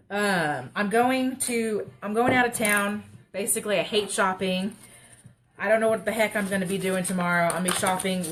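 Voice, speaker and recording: A young woman hosts a casual craft livestream, rambling and chatting with plenty of self-mocking humor. Her mid-range voice is a bit bright, and there's faint background noise.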